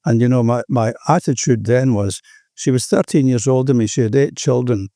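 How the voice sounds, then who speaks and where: A man's voice: medium pitch, a little fast, mellow, no echo, studio quality. An older Australian man sharing his recovery story at a meeting, earnest and rambling, often saying "you know".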